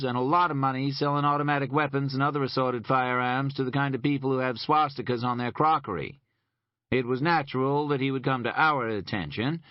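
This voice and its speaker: A man's voice: medium pitch, dry recording, voice pushed up, natural voice. A man voicing a smug, sarcastic male federal agent with pompous, mocking politeness in an audiobook. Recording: dull lo-fi recording.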